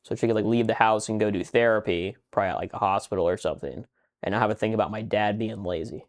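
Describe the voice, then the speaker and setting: A young man co-hosting a podcast, telling a rambling story in casual chat, swearing a lot and getting animated as he retells it. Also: lowish voice, fast. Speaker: podcast co-host.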